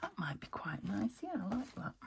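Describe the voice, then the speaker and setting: A British woman crafting a journal, talking to herself as she works and often trailing into soft half-whispers. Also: medium pitch, very animated, a little fast, creaky, noisy background. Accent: British English. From United Kingdom. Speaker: craft channel host. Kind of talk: casual crafting commentary.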